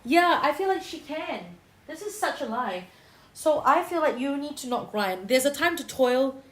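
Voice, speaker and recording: She has a high, very animated voice and speaks at an ordinary pace while giving a tarot reading to livestream viewers. Her style is direct and talkative, peppered with "lah" and "leh."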